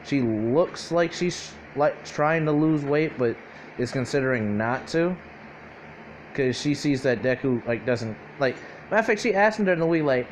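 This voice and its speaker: A man's voice: mid-range voice, lively intonation, moderate pace, a little hiss or hum. A young man casually improvising a fan-fiction story aloud, rambling and profane, full of fillers and self-corrections.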